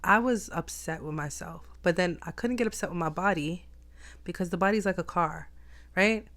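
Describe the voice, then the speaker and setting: A woman's voice: on the low side, moderate pace, a bit bright. A woman talking in a reflective personal vlog, emphatic and repeating phrases for stress. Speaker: vlogger.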